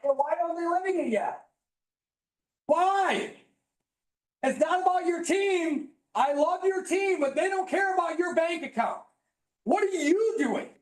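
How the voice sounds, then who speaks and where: A man giving an emphatic, preachy, high-energy motivational talk to a live audience, at times yelling. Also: animated, unhurried, long pauses. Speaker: motivational speaker at a business training. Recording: roomy echo in a hall.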